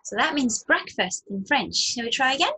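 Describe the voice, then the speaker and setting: Woman, nursery language teacher, fairly high and very lively voice, slow sing-song delivery. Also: breathy edge. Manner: slow, sing-song modelling of words for small children. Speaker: French teacher.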